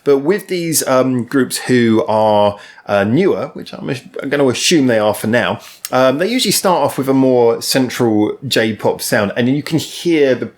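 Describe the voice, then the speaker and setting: A man's voice: mid-range voice, expressive, normal speed. A man hosting his own channel, giving a casual spoken music review in a rambling, chatty way with lots of ums and restarts.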